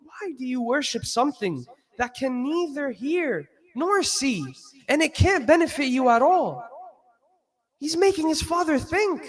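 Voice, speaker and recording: A man's voice: very high voice, animated, a little slow, low-quality recording. A man giving a Friday sermon, reciting verses and explaining them, often checking in with "right?". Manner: checks in with listeners with frequent "right?".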